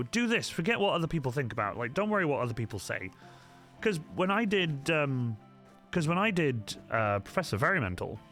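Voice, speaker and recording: Male streamer, rambling and halting, expressive pitch, light music underneath. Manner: rambling, hesitant, full of restarts and ums. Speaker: cosplayer streaming to viewers. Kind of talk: casual live-stream chat.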